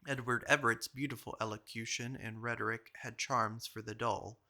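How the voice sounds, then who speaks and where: A man giving a measured audiobook reading of an old journal. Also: mid-range voice, fairly even intonation, creaky, sharp tone. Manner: measured, literary delivery. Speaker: reader.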